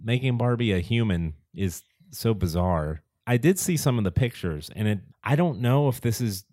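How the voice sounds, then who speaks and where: Lively, animated man chatting casually. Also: on the low side, normal speed, dry recording, studio quality. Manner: animated, laughs often, jokey. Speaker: podcast co-host. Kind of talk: casual chat.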